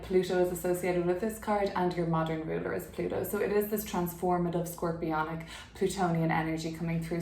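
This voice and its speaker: A woman's voice: on the low side, darkish tone, echoey room, slight background noise. A woman giving a casual tarot reading from her apartment, chatty and full of fillers. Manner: chatty, filler-heavy, laughs easily. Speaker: tarot reader.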